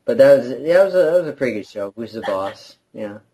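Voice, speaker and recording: A man's voice: mid-range voice, animated, fast talker, warm tone, husky, poor audio. A man co-hosting a casual late-night podcast, rambling, trailing off and laughing often. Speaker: podcast co-host.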